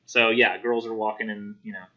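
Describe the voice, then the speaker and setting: A man teaching a college English class, talking casually and acting out characters in quick voices. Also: fairly low pitch, level tone, dull audio. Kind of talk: classroom discussion lecture.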